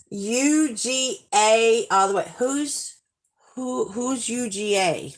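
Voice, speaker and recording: Slow-talking Southern woman streamer. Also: mid-range voice. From Alabama, US. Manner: chatty, gushing, drawn-out Southern talk. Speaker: live stream host. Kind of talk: casual live stream chat reading viewer comments.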